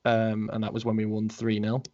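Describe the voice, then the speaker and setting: A man's voice: fairly low pitch, monotone, fairly quick, darkish tone. Young man, chatty, many ums, muffled recording. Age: 20s. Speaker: podcast co-host. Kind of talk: casual chat. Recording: dull lo-fi audio.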